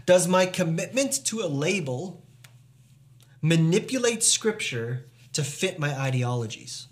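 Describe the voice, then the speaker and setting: A pastor delivers his sermon in a notably high voice for a man. He is earnest and emphatic, pressing his points with rhetorical questions. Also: expressive, unhurried.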